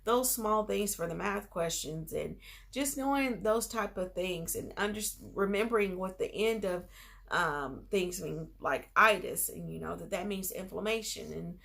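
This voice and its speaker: A woman's voice: medium pitch, measured pace, vocal fry, fairly bright tone. A woman vlogger telling a personal story in a casual, chatty way, full of filler phrases.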